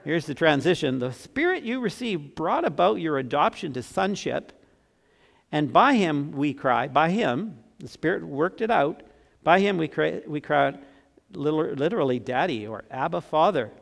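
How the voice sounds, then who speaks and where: A man in his sixties preaching a sermon as pastor, earnest, swinging from emphatic to soft and tender. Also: on the high side, sing-song, normal speed, creaky. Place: church sanctuary. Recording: long church reverb.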